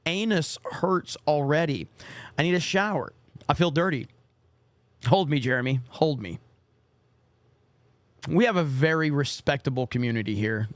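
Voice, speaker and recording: A hoarse man hosting a live stream sits close and dry on the mic, his voice pitched a little high yet smooth underneath the strain. He rambles through viewer messages, reading them out and tossing off quick asides. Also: no room sound. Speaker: livestream host.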